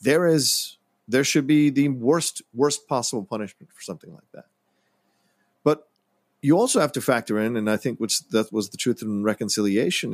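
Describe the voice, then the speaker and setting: A man's voice: medium pitch, no room sound. A man co-hosting a podcast, talking about a film in a reflective and earnest way. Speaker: podcast co-host. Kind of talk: casual film discussion.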